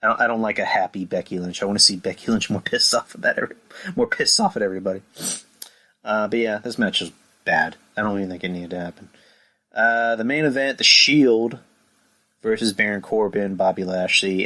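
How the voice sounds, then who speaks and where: A man hosting a casual review podcast, rambling, swearing often and getting animated. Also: fairly low pitch, moderate pace, low-quality recording. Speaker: podcast host.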